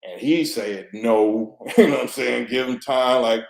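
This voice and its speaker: A man's voice: mid-range voice, lively intonation, moderate pace, gravelly. A man speaking with fervent conviction, like a street preacher, with his mid-range voice and frequent restarts. His slangy phrasing keeps circling back. The sound bounces around a roomy, echoing space. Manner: preachy and fervent, with street slang and many 'you know what I'm saying'; repeats himself and restarts often. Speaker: interview guest. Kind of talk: impassioned conversational monologue.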